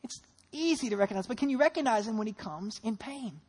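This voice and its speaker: A woman preacher giving a sermon, retelling scripture with animated storytelling and rhetorical questions. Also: on the high side, quick pace, husky.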